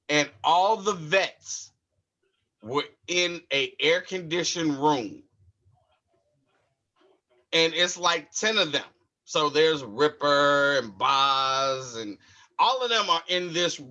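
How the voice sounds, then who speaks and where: A man's voice: a little high, bright, forceful tone, lo-fi sound. A man, a pro wrestler, telling a casual backstage story in loose, colloquial speech.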